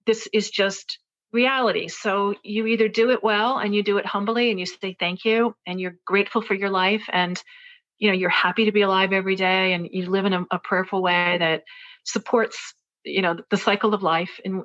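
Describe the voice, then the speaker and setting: A woman's voice: mid-range voice, a bit bright, lo-fi sound. A woman in her forties telling a personal story as a podcast guest, earnest and reflective, often restarting her sentences. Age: 40s. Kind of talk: personal story told in conversation.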